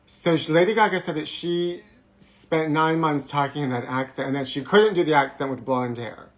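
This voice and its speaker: A man's voice: a little high, moderate pace. A man hosting a live show, talking in a theatrical, gossipy way and jumping from topic to topic. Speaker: host of a live trash-talk show. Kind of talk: campy live-stream monologue. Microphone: forgot to put on his microphone.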